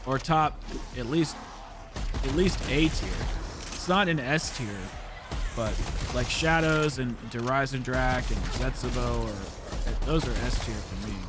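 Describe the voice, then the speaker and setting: A man's voice: mid-range voice, a little slow, background noise. A young American man hosting a livestream, chatting casually and rambling profanely while he plays a game. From United States. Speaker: podcast host streaming a game. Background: game music.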